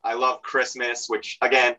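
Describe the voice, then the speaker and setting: A man's voice: mid-range voice, monotone, normal speed, sharp tone, muffled recording. A middle-aged man guesting on a podcast, rambling and hesitant with lots of fillers and dry self-deprecating jokes. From Central New Jersey. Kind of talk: casual podcast chat.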